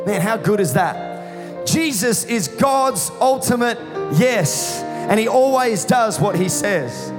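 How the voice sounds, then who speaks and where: A male pastor preaching a passionate sermon that builds into shouts, his voice going hoarse. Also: sits high, expressive, moderate pace, long reverb tail. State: losing his voice. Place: church hall. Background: music playing underneath.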